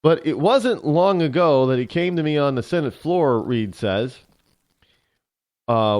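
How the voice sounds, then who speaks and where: A man's voice: medium pitch, animated, unhurried, a little mellow. A man hosting a talk radio show, delivering a sarcastic, rambling opinion monologue full of restarts and fillers.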